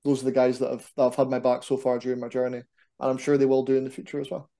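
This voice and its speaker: A young Scottish man chatting animatedly as a wrestler guest on a podcast. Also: medium pitch. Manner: animated, quick to banter. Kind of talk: casual podcast chat.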